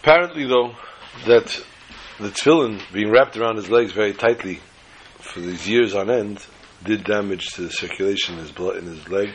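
A man's voice: fairly low pitch, normal speed, a little hiss or hum, rough recording. A man dramatically telling a religious story, building it with repetition.

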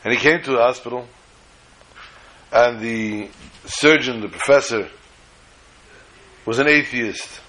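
A man's voice: medium pitch, a little slow, long pauses, bright, forceful tone, low-quality recording. A man telling a story in a sermon, acting out the dialogue with animation.

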